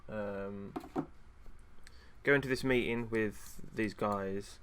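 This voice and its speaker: A man with a fairly low voice chatting casually on a stream. He rants in frustration, stumbling over fillers and restarting sentences. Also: fairly even intonation, slow, a bit bright, clean tone, faint music behind. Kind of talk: casual chat.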